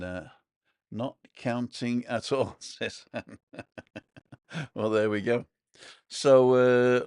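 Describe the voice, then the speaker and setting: A man's voice: fairly low pitch, dry recording, clean studio sound. A man hosting a casual live stream, rambling about food and reading viewer comments aloud. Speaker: vlog host. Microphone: own microphone.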